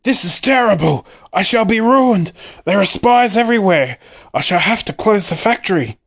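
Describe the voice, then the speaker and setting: A man voicing a frantic, eccentric candy maker shouting in despair in a storybook reading. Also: high voice, expressive, normal speed, vocal fry, pitched above the performer's own voice, exaggerated voice.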